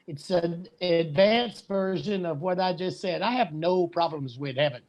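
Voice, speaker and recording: A man giving a slow, earnest and blunt spiritual talk. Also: high-pitched, a little mellow, lo-fi sound. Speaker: guest speaker.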